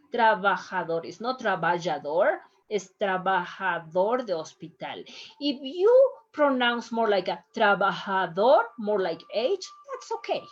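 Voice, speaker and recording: A woman teaches a language lesson at an unhurried pace, patiently repeating each word so learners can follow. Her voice sits in a middle pitch. The recording sounds a little dull and lo-fi. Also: slightly rough. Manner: slow, patient, repeats words for pronunciation. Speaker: Spanish teacher.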